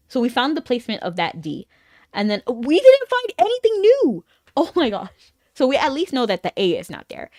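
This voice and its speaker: A woman's voice: a little high, dry recording. A woman streamer chatting casually with her viewers while playing an online game, rambling and laughing often.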